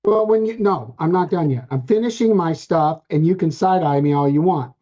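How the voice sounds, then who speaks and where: A man's voice: fairly high pitch, dark tone. Brief: playful male podcast co-host, casual banter, dull lo-fi sound. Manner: playful, joking, quick restarts. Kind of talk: casual chat.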